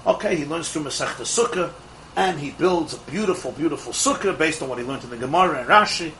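A man teaching a Torah class to a live group of students, an animated storyteller who fires off rhetorical questions and laughs at his own jokes. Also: a little high, fast talker, a little hiss or hum, rough recording. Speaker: religious teacher.

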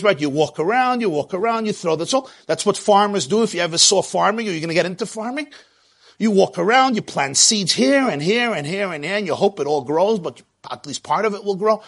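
A man's voice: sits high, fairly bright tone, husky. A man giving a sermon in a dramatic delivery that rises and falls, quoting Hebrew verses.

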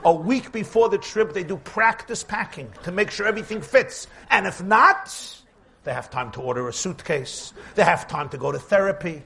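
A man giving a humorous sermon to an audience, telling lively stories, acting out quotes and dropping in Yiddish words. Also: high voice, normal speed, gravelly. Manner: animated storytelling with Yiddish words and acted-out quotes.

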